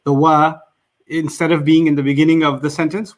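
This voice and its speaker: A man with a somewhat high-pitched voice teaches a casual class over a video call. He explains things patiently and slips in light jokes. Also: little pitch movement, brisk. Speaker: Arabic teacher.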